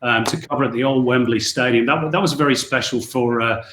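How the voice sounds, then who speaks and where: Middle-aged English commentator, echoey room. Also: male voice, medium pitch, fairly even intonation, fast, a bit bright. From Northwest England. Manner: chatty, anecdotal, with many restarts. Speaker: football commentator. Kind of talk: podcast interview, storytelling.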